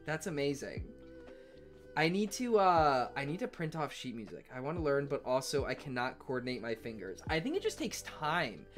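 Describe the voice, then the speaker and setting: A male streamer chatting casually and rambling while reading chat, swearing offhandedly and laughing easily. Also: fairly high pitch. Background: faint piano playing.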